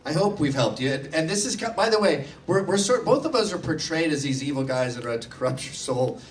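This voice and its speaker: A man's voice: fairly high pitch, animated, a little fast. A man giving a blunt, sardonic live speech to students in a university hall. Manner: sardonic, blunt, acts out mock quotes. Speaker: guest speaker. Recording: distant mic, faint hiss.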